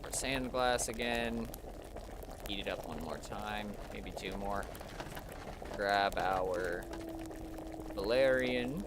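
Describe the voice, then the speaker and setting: A man streams a video game and comments casually as he goes. He talks slowly in a somewhat low voice, chatting to the character on screen and poking fun at his own mistakes. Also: very noisy. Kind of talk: casual let's-play commentary.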